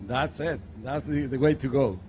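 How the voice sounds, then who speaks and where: A man's voice: mid-range voice, normal speed, darkish tone, husky. A man, a race driver, speaking confidently and thoughtfully in a short interview at an outdoor race event.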